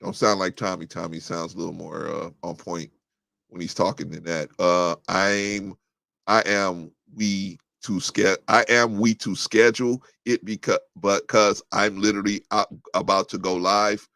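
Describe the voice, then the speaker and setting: Blunt low-voiced male talk show host. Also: fairly even intonation, a little slow, vocal fry, sharp tone, no room sound. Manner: blunt and combative, rising sharply when heated; restarts and fillers, thinking aloud. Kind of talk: live call-in talk show, reading chat comments.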